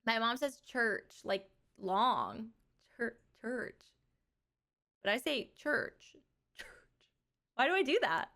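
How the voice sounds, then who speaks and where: With a high-ish, sing-song voice and a sharp tone, a young woman streams live, chatting casually and giggling with viewers. She has a slight lisp and draws out her words.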